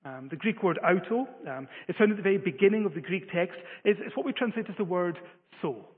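High-voiced preacher in an echoing hall. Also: male voice, expressive, a little fast, breathy edge. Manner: earnest, emphatic, stumbling restarts. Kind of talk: sermon. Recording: phone-like, long-reverb hall.

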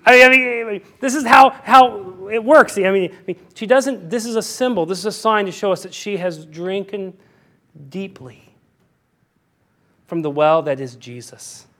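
A male pastor preaching a sermon, animated and emphatic, often repeating himself as he explains scripture. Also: high-pitched, a little slow.

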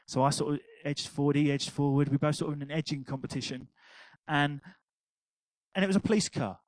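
A man's voice: on the high side, brisk, dry recording, low-quality recording. Older man preaching, dry close sound. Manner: animated storytelling, laughing at his own anecdote. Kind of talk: sermon.

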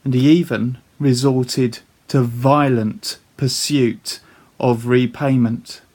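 A man's voice: mid-range voice, steady tone, takes it slowly, darkish tone. A man preaching a sermon, retelling a parable earnestly and putting rhetorical questions to his listeners.

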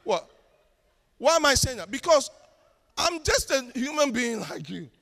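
A man preaching and telling a testimony story, animated, breaking into laughs and loud prayer. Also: extremely high pitch, normal speed. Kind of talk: testimony sermon. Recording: long hall reverb.

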